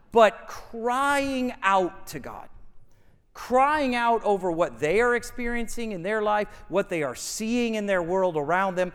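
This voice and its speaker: A man preaching a sermon as pastor, talking in a conversational, animated way with frequent restarts. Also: high-pitched, long reverb tail. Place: church sanctuary.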